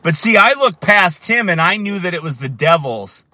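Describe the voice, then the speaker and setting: A man preaching with fire and emphasis as he tells a story, at times rising to shouts. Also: high-pitched, sing-song, moderate pace, no room sound. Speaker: street preacher. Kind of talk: preaching while telling a story.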